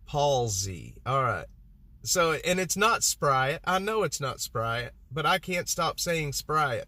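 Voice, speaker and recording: A man from Texas, medium-pitched with a bright, forceful tone, livestreams to his audience. His talk is loose and rambling as he chats with viewers and makes fun of himself.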